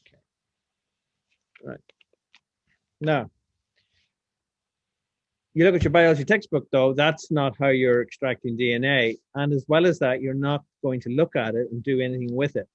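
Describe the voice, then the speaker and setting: A man teaches a science lesson on a video call, casual in manner and asking questions as he works through a hands-on demonstration. His voice sits at a middle pitch. The sound is dull and lo-fi and close and dry, from a webcam mic. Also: normal speed, pauses often, no echo. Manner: casual, talks while demonstrating, asks the class questions.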